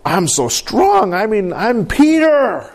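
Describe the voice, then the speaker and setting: A man preacher voicing a proud male apostle loudly swearing he will never deny his master. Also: sits high, huge pitch swings, slow, pitched above the performer's own voice, heavily acted. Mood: boastful. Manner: proud, protesting.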